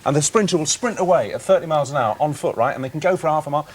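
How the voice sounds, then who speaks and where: Fast, animated male chat show host. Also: on the high side, slightly rough. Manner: rambling, animated storytelling.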